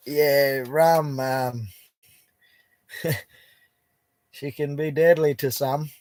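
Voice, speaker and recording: A man's voice: a little high, no echo. A young Australian man chatting casually on a live stream from his bush camp, reading out viewer comments in a laid-back, chatty way and laughing easily. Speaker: prospecting livestreamer.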